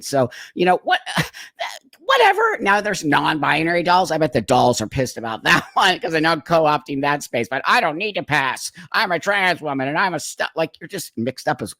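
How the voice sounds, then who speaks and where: A channel host in Los Angeles talks casually to his viewers in a casual commentary vlog, fired up and rambling with many restarts. His medium-pitched voice is recorded at studio quality with no echo.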